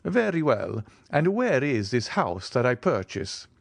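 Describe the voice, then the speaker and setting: A man voicing a wealthy, self-assured nobleman who speaks crisply and offhandedly. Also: medium pitch, very animated, measured pace, no room sound, voice pushed up, full character voice. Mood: cool, assured. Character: rich, cool, commanding nobleman, adult man.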